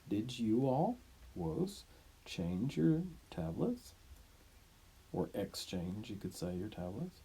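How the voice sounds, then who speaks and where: A male Latin teacher reads a story and translates it as he goes, adding plain explanations and light jokes. He speaks slowly, and his pitch rises and falls a great deal. His voice is mellow and a little husky. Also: very animated. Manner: explanatory, occasionally joking.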